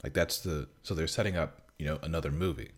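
A man's voice: extremely low pitch, quick pace. A man chatting casually about a movie, rambling with lots of fillers and exasperated swearing. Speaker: film discussion co-host. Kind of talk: casual chat.

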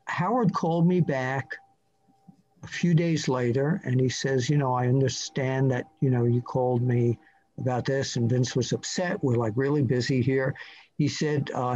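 A man's voice: mid-range voice, steady tone, measured pace, a little mellow. Older New man telling stories. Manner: rambling, anecdotal, with many fillers and restarts. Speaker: interview guest. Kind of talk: casual storytelling interview. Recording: muffled lo-fi audio.

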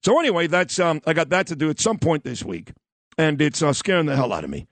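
A man's voice: on the high side, very animated, fast talker, no room sound. A man with a Brooklyn accent hosting a radio show in a studio, joking and self-mocking in casual banter. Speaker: radio host. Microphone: studio microphone.

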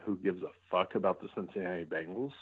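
A man's voice: low-pitched, fast, slightly rough, no room sound. Blunt, teasing man on a phone line. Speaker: podcast co-host. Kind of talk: casual chat.

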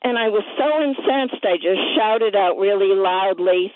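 A woman's voice: mid-range voice, unhurried, dry recording. A woman calling in to a radio show, telling her story with indignation. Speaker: caller. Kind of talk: phone-in call. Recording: tinny phone line.

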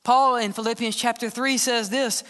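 A man preaching a sermon as the church's pastor, earnest, sometimes dropping to a hushed tone to press a point. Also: extremely high pitch, steady tone, normal speed. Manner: earnest preaching, drops to hushed tones for emphasis. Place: church sanctuary. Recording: long church hall reverb.

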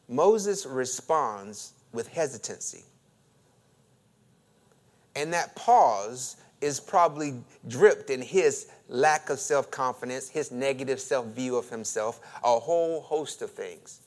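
A man preaching a sermon as pastor, drawing the congregation into call and response and acting out quoted questions with a rising lilt, swinging between loud emphasis and quiet asides. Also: medium pitch, expressive, slow.

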